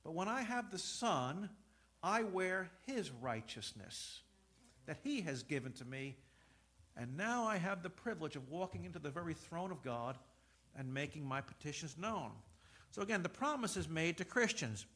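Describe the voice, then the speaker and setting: A man's voice: on the high side, expressive, moderate pace, a bit bright, husky. A middle-aged man preaching a sermon, telling stories and acting out dialogue before rising to emphatic points. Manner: storytelling, acts out dialogue, rises to emphatic preaching. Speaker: pastor.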